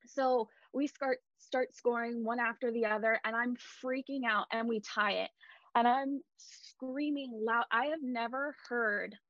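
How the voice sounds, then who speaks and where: A woman retelling a night as a hockey fan, animated and emphatic, recorded dull and dry. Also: on the high side, no room sound. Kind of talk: excited fan storytelling.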